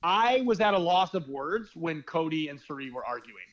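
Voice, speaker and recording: A young man, a former reality game contestant, telling stories in a rambling, animated casual chat. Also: fairly high pitch, moderate pace, lo-fi sound. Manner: rambling, animated storytelling with fillers.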